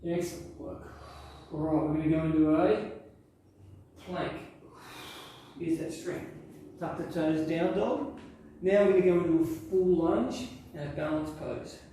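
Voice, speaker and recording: A man's voice: a little high, moderate pace, warm tone, a little hiss or hum. Yoga instructor, male, encouraging cues, recorded far from the mic in a very echoey room. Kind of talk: guided workout instruction.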